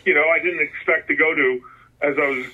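A middle-aged man from New Jersey telling stories in a casual interview as a guest, rambling with many restarts and animated when quoting himself. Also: fairly high pitch, fairly quick. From New Jersey, USA. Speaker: guest, concert photographer. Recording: phone-like line, husky.

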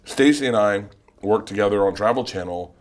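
A middle-aged man hosting a comedy chat while cooking, loud and rambling, often laughing. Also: on the low side, brisk. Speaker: host. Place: home kitchen.

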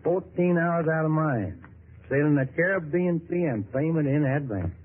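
In a 1950s radio drama heard through a tinny, lo-fi old broadcast, an actor plays Dixie, a folksy, wheedling Southern middleman with a smooth tongue. His voice is a little high, natural, and moderately paced.

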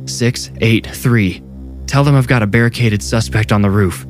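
A curt, commanding police detective, voiced by a male narrator in a low voice. It comes from a horror story narration with faint music behind. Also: quick pace, lightly acted. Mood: tense.

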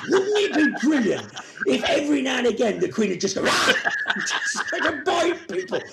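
A man's voice: very high voice, sing-song, normal speed, vocal fry, heavy background noise. A man, a guest on a comedy podcast, chatting wryly and often laughing through his words. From Stoke-on-Trent. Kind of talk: casual comic chat.

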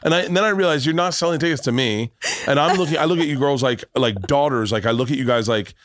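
A man's voice: mid-range voice, quick pace, fairly bright tone. Blunt, profane man hosting a podcast. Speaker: podcast host. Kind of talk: casual chat.

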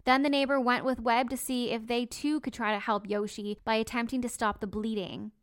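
A woman's voice: a little high, steady tone, brisk, dry recording, clean studio sound. A woman hosting a podcast, narrating a true crime story conversationally with personal asides. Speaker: podcast host.

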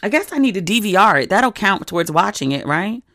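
A woman in her forties hosts her own podcast and talks straight to listeners in a candid, chatty storytelling manner. Her voice sits at a middle pitch. The recording is close and dry, with no room sound. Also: big pitch swings, brisk, a bit bright, no room sound. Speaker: podcast host. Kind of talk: casual solo podcast chat.

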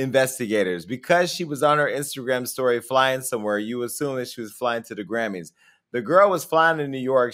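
A man's voice: medium pitch, a bit bright. A man hosting a casual entertainment talk show, chatty and opinionated as he speaks to viewers. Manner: conversational, opinionated, addressing viewers. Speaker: host.

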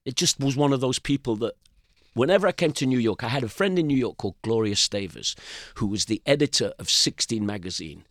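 An older man, a guest telling rambling, animated anecdotes with frequent restarts in a casual interview. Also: medium pitch, brisk, no room sound, studio quality. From Britain.

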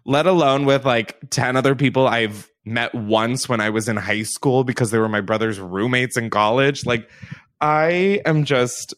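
A man's voice: medium pitch, fairly bright tone. A young man hosting a podcast, chatting casually in a rambling way and laughing often. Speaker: podcast host. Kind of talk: casual chat.

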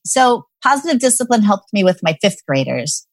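A woman's voice: on the high side, sing-song, brisk, hardly any pauses, dry recording. Candid woman telling a parenting story. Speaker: parenting expert guest. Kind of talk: storytelling in a podcast chat.

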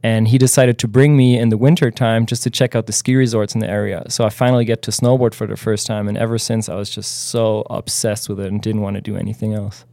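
A man's voice: fairly low pitch, flat delivery, fast talker, vocal fry, hardly any pauses, dark tone, dry recording. A man from Germany telling stories as a guest on a podcast, laid-back and full of "like" and "um". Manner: laid-back, fills speech with "like" and "um". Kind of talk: casual interview chat.

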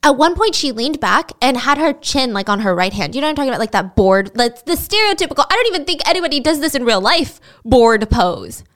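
A woman's voice: high-pitched, sing-song, quick pace, few pauses, fairly bright tone. A woman telling a true crime story in a casual, chatty way, with sarcastic and incredulous asides.

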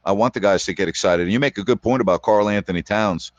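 A man's voice: lowish voice, fast talker, no echo, dull audio. A man hosting a sports radio call-in show, rambling chattily through scores and rhetorical questions. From New York.

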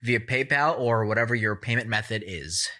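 A young man co-hosting a podcast in casual chat. He is excitable, swears freely and bursts into laughter. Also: medium pitch, moderate pace. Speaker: podcast co-host.

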